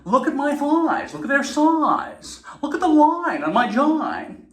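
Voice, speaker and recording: Man doing a shrill peppy lady fitness instructor, very high, loud, full energy, echoey room. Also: very animated, unhurried, exaggerated voice. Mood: over-the-top peppy. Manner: shrill, over-enunciated, maximum energy on every word.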